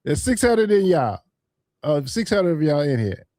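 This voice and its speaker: A man's voice: a little high, sing-song, normal speed, mellow, no room sound. A man hosting a live stream in a casual, chatty way, calling out poll votes to viewers. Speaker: livestream host.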